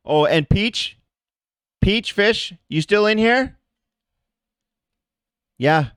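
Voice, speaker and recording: A man hosting a livestream rants to his chat viewers in a heated, profane way, speaking extremely slowly and pausing often. His high, animated voice is fairly bright, clear and resonant, with no echo.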